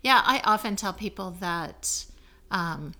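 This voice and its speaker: Bright-voiced middle-aged woman co-host. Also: medium pitch, animated, slow pace. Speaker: podcast co-host. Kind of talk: casual chat.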